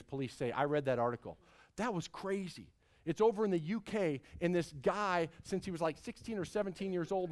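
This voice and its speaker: A middle-aged man preaching a sermon as pastor, emphatic, swinging between loud calls and hushed lines. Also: a little high.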